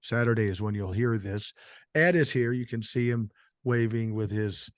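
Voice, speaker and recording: A man's voice: lowish voice, normal speed, no echo, studio quality. An older man hosting a podcast, talking in casual, blunt and profane chat while he has a cold. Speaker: podcast host.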